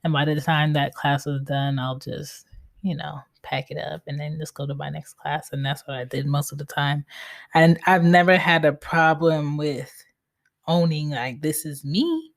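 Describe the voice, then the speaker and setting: Blunt, low-voiced woman podcaster swearing freely. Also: fairly even intonation, normal speed. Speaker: podcast host. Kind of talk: casual solo podcast monologue. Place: home.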